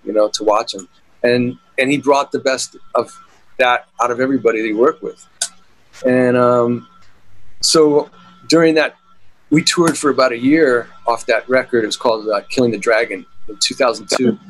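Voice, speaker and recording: In a casual interview, a middle-aged guitarist rambles through his stories, full of fillers and restarts. His voice is medium-pitched, and the recording quality is low.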